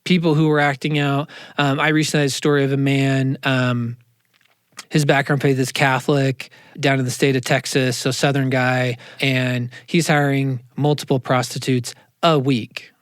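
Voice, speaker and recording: A man, a counselor, talking in a casual interview, animated and quick with asides, in a studio. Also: mid-range voice, clean tone, dry recording. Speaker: counselor, podcast guest. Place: radio studio.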